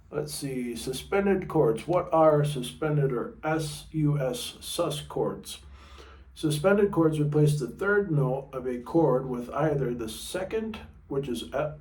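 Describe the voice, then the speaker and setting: A man's voice: mid-range voice, a little mellow, recorded from a distance. Casual man teaching guitar in an echoey room. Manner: loose and thinking aloud, checks notes mid-sentence; talks with a pick in his mouth at times. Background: guitar playing.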